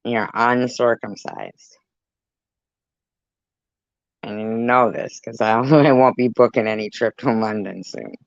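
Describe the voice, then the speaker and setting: A woman's voice: a bass voice, normal speed, vocal fry, few pauses, no echo. A woman hosting a casual livestream, reading chat comments aloud, laughing often and teasing viewers with crude, disgusted reactions. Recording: dull lo-fi sound.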